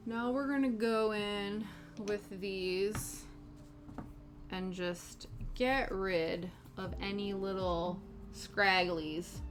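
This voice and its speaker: A woman's voice: mid-range voice, fairly even intonation, very slow, faint music behind. A woman in her thirties chatting casually while painting her nails, rambling with lots of fillers. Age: 30s. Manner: rambling, filler-heavy storytelling. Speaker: nail-painting vlogger.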